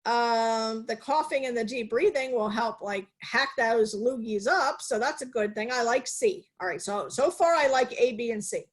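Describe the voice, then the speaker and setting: Energetic woman teaching nursing on a video call. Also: on the high side, normal speed, hardly any pauses. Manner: energetic, teacherly, asks questions and answers them herself. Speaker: nursing instructor. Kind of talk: live online lecture.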